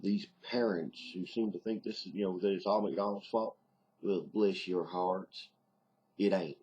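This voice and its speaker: A man's voice: lowish voice, fairly even intonation, normal speed, darkish tone, husky. A middle-aged man with a Southern US accent, rambling in a casual video diary with lots of ums. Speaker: video diarist. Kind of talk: casual vlog monologue.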